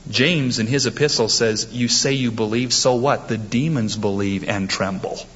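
A man's voice: medium pitch, moderate pace, fairly bright tone, dull audio, slight background noise. A man preaching a sermon, emphatic and quoting scripture with rising force. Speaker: pastor.

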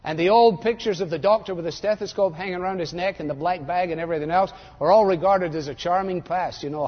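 Older guy preaching, lively and sarcastic, does little voices, echoey hall. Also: a little high, fairly quick, husky. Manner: animated, sarcastic, mimics voices. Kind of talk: sermon. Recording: dull lo-fi audio in a reverberant hall.

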